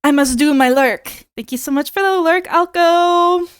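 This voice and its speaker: Playful young woman streamer, high bouncy voice, dry close sound. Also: a little slow, dry recording. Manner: playful, dramatic begging bits. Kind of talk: casual live-stream chat with viewers.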